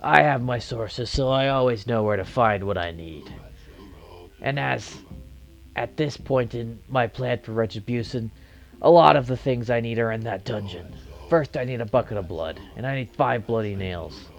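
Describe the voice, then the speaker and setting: A man's voice: medium pitch, moderate pace, vocal fry, natural voice. A contemptuous game snake bent on revenge, read by a man in a near-natural voice. He is blunt and dismissive, with a scheming edge throughout. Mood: scornful.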